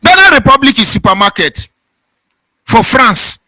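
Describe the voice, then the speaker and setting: Nigerian man, host, high-pitched and fervent, lilting preacher-like delivery, dry close sound. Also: big pitch swings, normal speed, sharp tone, no echo. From southeastern Nigeria. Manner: fervent, sing-song preaching cadence. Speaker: online broadcast host. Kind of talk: impassioned political monologue.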